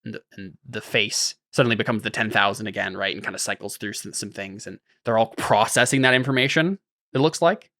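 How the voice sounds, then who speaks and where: A man's voice: on the low side, a little fast, bright, forceful tone, no room sound, clean studio sound. A man narrating as the game master of a tabletop game, in a loose, rambling way with many fillers.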